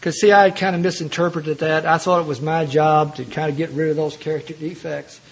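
A man's voice: a little high, fairly even intonation, fairly quick, husky. A man speaking to a recovery meeting, telling his own story with humor and acting out the lines of the people in it. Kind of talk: personal recovery story told to a group.

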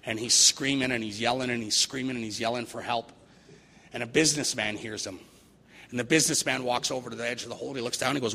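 A man's voice: medium pitch, fairly even intonation, fast talker, pushed and bright. A man giving a recovery meeting talk, earnest and repeating phrases for emphasis. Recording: long hall reverb, faint noise.

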